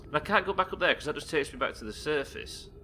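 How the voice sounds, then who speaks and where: A man's voice: on the high side, animated, quick pace, bright, forceful tone, slight background noise. A young man from the UK streaming a game live, rambling, self-deprecating and swearing casually as he reads his viewers' messages aloud. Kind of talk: live gameplay commentary chatting with viewers.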